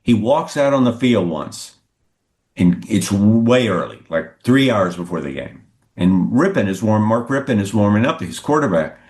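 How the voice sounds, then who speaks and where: An older man, a guest sportswriter, telling anecdotes in a lively conversational way and acting out what others said. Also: moderate pace. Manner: lively storyteller who acts out quotes with pitch jumps. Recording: roomy echoey sound.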